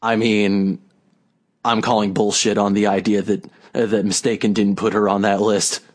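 A man's voice: lowish voice, level tone, normal speed. A man co-hosting a casual podcast, talking in a sarcastic, rambling way. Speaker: podcast co-host. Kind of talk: casual wrestling chat.

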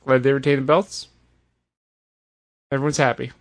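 A man hosting a casual podcast, recapping events in an animated, sarcastic way. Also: medium pitch, moderate pace. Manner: animated, sarcastic retelling with put-on voices. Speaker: podcast host. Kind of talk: casual wrestling recap chat.

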